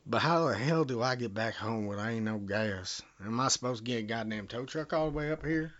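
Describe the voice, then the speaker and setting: A man's voice: mid-range voice, fairly quick, a bit bright. A man with a Southern US accent making a prank phone call, rambling, bumbling and cursing as he talks. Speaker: prank caller.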